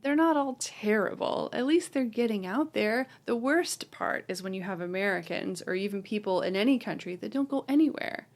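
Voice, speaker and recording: A woman with a voice of middle pitch chats about a film as a podcast co-host. She laughs often and quotes the characters in a loose, casual way. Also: expressive, normal speed, hardly any pauses.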